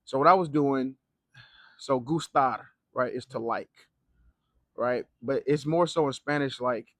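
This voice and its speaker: In casual advice to the camera, a young Spanish teacher based in Mexico rambles slangily about learning Spanish, using plenty of fillers and profanity. His medium-pitched voice keeps a measured pace and a slightly bright tone, with no echo.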